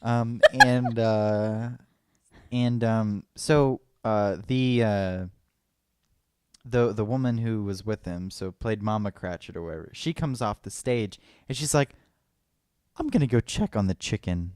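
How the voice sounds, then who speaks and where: A man's voice: on the low side, slow, clean tone, no echo, clean studio sound. A young man co-hosting a podcast in casual chat, rambling through a story with many fillers and acting out quotes. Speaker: podcast co-host.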